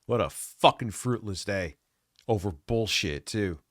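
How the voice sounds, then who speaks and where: A man's voice: fairly low pitch, expressive, a little slow, no echo, studio quality. Profane, worn-out man in his forties. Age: 40s. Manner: crude, blunt, swears constantly. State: stressed and worn out. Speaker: livestreamer reacting to a video. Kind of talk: profane late-night stream rant.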